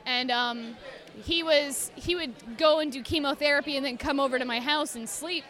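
A woman with a high voice tells animated, casual stories as a podcast guest. She talks freely, drops a curse here and there, and slips into little voices to act out her pets. Her tone is bright and forceful. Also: normal speed, a faint crowd. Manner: animated storyteller who swears casually and acts out her cats. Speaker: guest, cosplayer. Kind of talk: casual chat.

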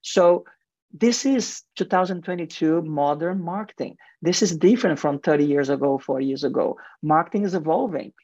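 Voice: mid-range voice, moderate pace, a little mellow, no echo. Guest with a heavy accent on dull radio. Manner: speaks with a heavy accent, earnest, restarts often. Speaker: marketing and advertising executive, guest. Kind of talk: radio interview answers. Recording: dull lo-fi radio sound, dry.

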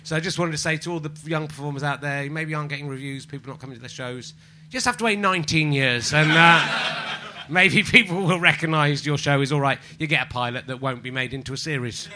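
A man's voice: on the high side, fast talker, background noise. A man hosting a live comedy podcast, rambling and self-mocking in front of an audience. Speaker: podcast host.

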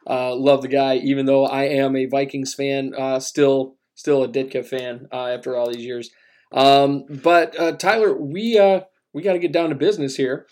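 A man's voice: mid-range voice, fairly even intonation, normal speed, darkish tone. A man co-hosting a casual sports podcast, talking in a laid-back, rambling way with lots of fillers and restarts. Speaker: podcast co-host.

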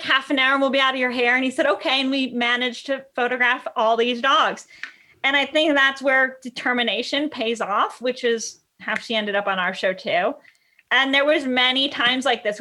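A woman dog trainer chatting as a podcast guest, telling animated stories and acting out what people said. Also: a little high. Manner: animated storyteller, acts out quotes. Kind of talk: casual podcast chat.

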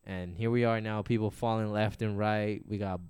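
A man co-hosting a casual podcast chat, retelling things he saw online with animated energy. His voice is fairly low and smooth, recorded dry and close to the mic. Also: normal speed, no echo. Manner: animated, chatty storyteller. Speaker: podcast co-host.

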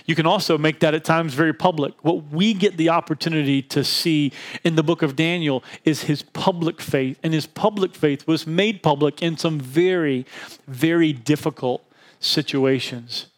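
A man in his thirties gives a lively sermon with a slightly high voice. He shifts his tone to act out characters in his stories, then returns to steady preaching. His delivery moves between quick, eager stretches and slow, weighty phrases. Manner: animated storytelling, acts out quotes in a higher voice. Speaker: pastor.

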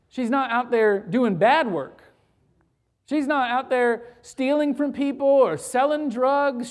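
A preacher giving an earnest, conversational sermon that moves between hushed, intimate passages and loud, animated storytelling. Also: mid-range voice. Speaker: pastor.

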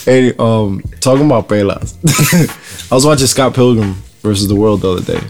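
A man's voice: fairly low pitch, normal speed, soft background music. A young man in casual chat, telling stories with lots of laughter and acting out other people's lines. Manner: animated storytelling, laughs often, acts out others' lines.

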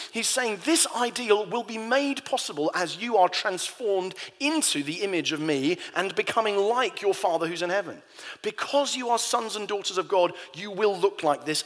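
A man's voice: a little high, a bit bright, in a large hall. A pastor preaching a sermon in a conversational way, telling personal stories to his congregation.

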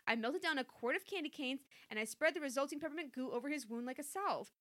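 A woman's voice: very high voice, expressive, a little fast, sharp tone, dry recording, pitched above the performer's own voice, heavily acted. A woman voicing a tearful, quavering young woman. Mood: distraught. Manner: sobbing, quavering, overwrought.

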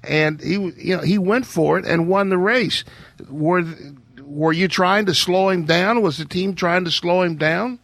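A man co-hosting a radio show, asking a guest a long, halting question. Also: high voice, gravelly, a bit bright, no room sound. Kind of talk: casual radio interview.

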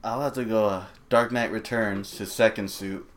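A man's voice: fairly low pitch, fairly even intonation, moderate pace. A man co-hosting a casual chat, laid-back and wisecracking, laughing often. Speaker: podcast co-host.

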